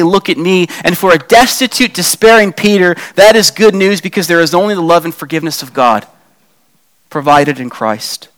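A man's voice: a little high, a bit bright. A man preaching a sermon in a conversational way, asking the congregation rhetorical questions and acting out quoted lines. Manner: acts out quoted lines with a raised voice. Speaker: pastor.

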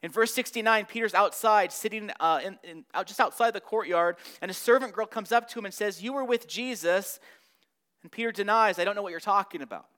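A man's voice: high-pitched, fast talker, few pauses, bright, forceful tone, clear, resonant tone. A man teaching a Bible study lesson, acting out the quotes with rising and falling intensity.

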